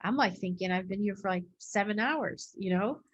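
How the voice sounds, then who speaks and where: Hosting an interview, a woman tells her own story in a mid-range voice at a moderate pace, wandering along with lots of "like" and "um" and acting out what people said. She's an adult with a young daughter. The recording is muffled with a slight hiss or hum.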